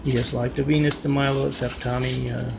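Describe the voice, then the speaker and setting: Male vlogger, raspy-edged voice, meandering casual storytelling into a phone, roomy and noisy recording. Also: medium pitch, flat delivery, a little fast. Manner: meandering, wry asides, frequent fillers. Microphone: phone front camera. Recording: echoey room with background noise.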